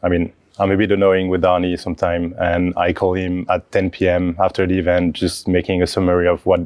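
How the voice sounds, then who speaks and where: A man chatting casually on a podcast, laughing and a bit self-deprecating, with halting phrasing. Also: deep voice, monotone, a little mellow, no room sound. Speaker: venue team member.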